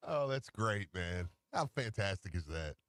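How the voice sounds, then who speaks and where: Animated stammering male radio host. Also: deep voice, measured pace, dry recording. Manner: animated, stammers and restarts, laughs easily. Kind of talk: casual sports radio talk. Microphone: studio microphone.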